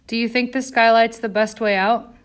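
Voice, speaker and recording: Woman reader doing a vague, lost man, soft and vacant. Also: a little high, steady tone, normal speed, natural voice. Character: dazed elderly man, vague and helpless.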